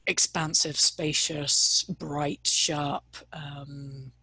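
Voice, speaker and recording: A woman's voice: low-pitched, level tone, very slow, bright, forceful tone, breathy edge, no room sound. A woman leading a meditation discussion on a video call, talking hesitantly and searching for words. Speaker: meditation teacher. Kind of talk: casual teaching talk on a video call.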